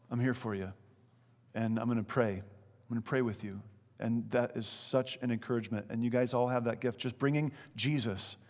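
A man's voice: medium pitch, darkish tone. A man preaching a sermon as pastor, earnest and conversational, full of rhetorical questions. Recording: long hall reverb.

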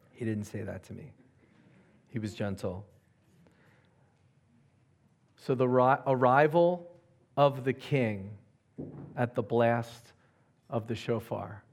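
A man's voice: mid-range voice, slow pace, pauses often. A man preaching a sermon as pastor, emphatic and often asking the audience questions.

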